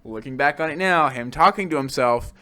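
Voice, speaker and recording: Man, podcast co-host, casual movie talk, bright crisp voice, swears, acts out scenes. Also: mid-range voice, fairly quick. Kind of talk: casual film review chat.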